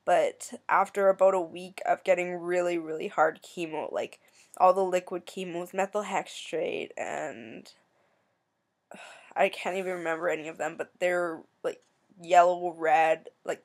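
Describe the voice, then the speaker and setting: Soft-spoken young woman, emotional. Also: lowish voice, steady tone. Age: young adult. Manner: soft, halting, emotional, many pauses. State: tearful. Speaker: vlogger. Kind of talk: personal storytelling.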